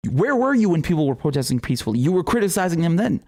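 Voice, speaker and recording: A man's voice: fairly high pitch, big pitch swings, rapid-fire, darkish tone. A young man hosting a political commentary show, talking casually with heated, profane, sarcastic outbursts and laughing asides.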